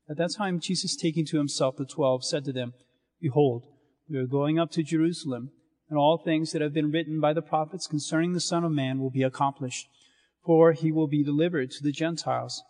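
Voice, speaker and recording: Male priest, slightly higher voice, measured solemn delivery, long church reverb. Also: a little mellow. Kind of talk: liturgical reading and sermon.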